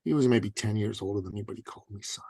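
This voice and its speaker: A man's voice: fairly low pitch, quick pace, gravelly, warm tone, dry recording. A man telling a story as a podcast guest, blunt and emphatic, swearing casually. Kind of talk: animated storytelling.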